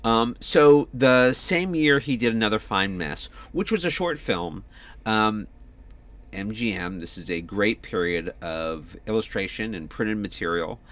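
A man chatting casually as a podcast co-host, his speech full of ums and uhs as he works out his thoughts. His voice sits on the low side for a man. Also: animated, unhurried, a bit bright. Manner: chatty, hesitant with many fillers. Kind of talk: casual chat.

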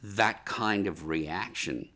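A man's voice: low-pitched, takes it slowly. A man telling anecdotes as an interview guest, laughing often and acting out what people said. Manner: lively anecdotes, laughs often, acts out quotes. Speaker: animator guest. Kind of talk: casual interview storytelling.

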